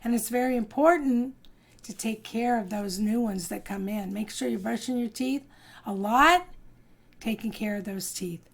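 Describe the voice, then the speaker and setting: A woman teacher reading a storybook to young children and leading a drawing lesson, in a slow sing-song manner with lively voices for the characters. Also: fairly high pitch, creaky. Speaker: kindergarten art teacher.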